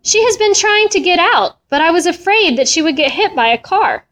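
A woman reading a storybook aloud and voicing a warm-hearted elderly immigrant widow with old-world phrasing and fond repetitions. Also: high-pitched, sing-song, measured pace, exaggerated voice. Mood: distraught.

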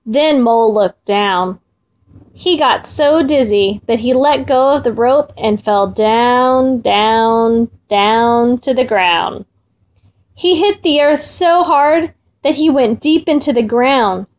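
High, slow-reading woman storyteller. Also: lo-fi sound. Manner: gentle, expressive, drawn-out repetitions. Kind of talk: reading a children's folk tale aloud.

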